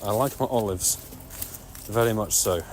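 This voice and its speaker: A man giving excitable, nonstop live-stream commentary while walking outdoors and playing a mobile game. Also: lowish voice, moderate pace. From United Kingdom. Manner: chatty, excitable running commentary, talking nonstop like a radio DJ. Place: outdoors on city streets. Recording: loud street noise with passing traffic.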